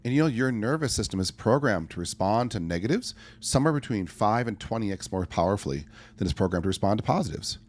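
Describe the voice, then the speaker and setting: A man's voice: lowish voice, lively intonation, quick pace. A middle-aged man talking earnestly as a podcast guest, telling stories with acted-out asides. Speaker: podcast guest, life coach. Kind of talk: conversational interview answer.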